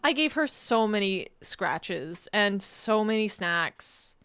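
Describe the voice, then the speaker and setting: A woman's voice: medium pitch, expressive, slow, a bit bright, clear, resonant tone, faint music behind. A woman streamer in casual chat, rambling and laughing often as she reads chat messages.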